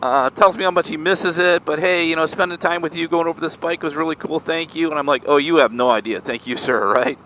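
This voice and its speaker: A man casually telling a story to his vlog audience, chatty and animated, often tossing in "right?". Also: a little high, fairly quick, hardly any pauses, a little hiss or hum. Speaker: motorcycle vlogger.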